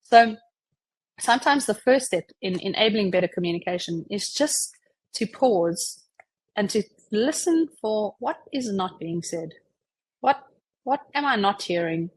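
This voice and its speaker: A woman giving a conversational webinar presentation, chatty and relaxed, who often says "you know" and acts out example dialogues. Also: mid-range voice, a little slow, breathy edge, rough recording.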